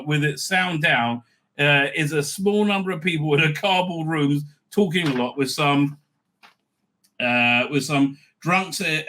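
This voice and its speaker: A man hosting a review show, giving opinionated commentary full of fillers, restarts and sarcastic asides. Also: a little high. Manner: animated, many fillers and restarts.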